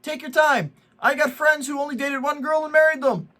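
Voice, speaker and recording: A man's voice: very high voice, fairly even intonation, a little fast, pushed and bright. A middle-aged man hosting a vlog, ranting with indignation about people lying for likes and preaching with jokey asides. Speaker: vlog host. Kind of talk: ranting social media commentary.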